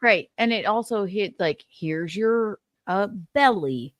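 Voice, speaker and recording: A woman's voice: mid-range voice, lively intonation, takes it slowly, no room sound. Sarcastic woman with a dry, close voice. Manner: sarcastic and outspoken, swears. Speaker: co-host. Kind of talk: casual reaction commentary.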